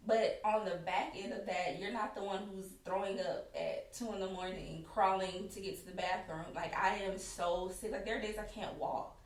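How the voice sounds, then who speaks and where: A woman's voice: mid-range voice, steady tone, moderate pace, few pauses. A woman guest on a podcast, telling her story candidly and animatedly, laughing often and acting out others in quotes. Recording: roomy sound from a distant mic.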